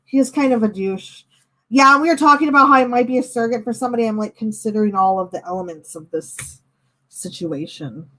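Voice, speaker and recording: A woman's voice: on the high side, brisk. Young woman venting on a live stream. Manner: venting, talking with chat; animated, quotes others in her own voice. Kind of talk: casual live-stream chat.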